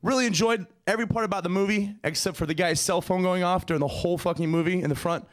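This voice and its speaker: A man's voice: sits high, fast talker. A man doing a stand-up comedy set in a profane, ranting way. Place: comedy stage before a live studio audience.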